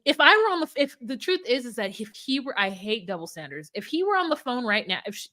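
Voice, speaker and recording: A woman co-hosting a casual podcast, animated and swearing freely, mimicking people in a mocking voice. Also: on the high side, quick pace. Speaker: podcast co-host recapping a reality show. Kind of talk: casual chat.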